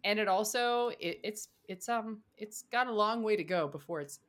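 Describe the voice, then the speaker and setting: A woman's voice: mid-range voice, moderate pace. A tired woman hosting a podcast, chatting casually and rambling, laughing often. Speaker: podcast host. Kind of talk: casual chat.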